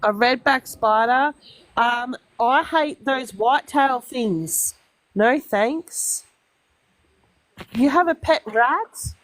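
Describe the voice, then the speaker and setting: A woman's voice: high voice, takes it slowly, fairly bright tone, no echo. An Australian woman guesting on a livestream, chatting casually and telling rambling stories with blunt, swearing asides into a phone mic. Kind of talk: casual chat.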